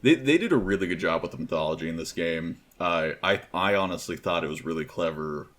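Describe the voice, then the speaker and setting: A man co-hosting a casual game review chat, relaxed and rambling with fillers and restarts. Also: low voice, a little fast. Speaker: podcast co-host.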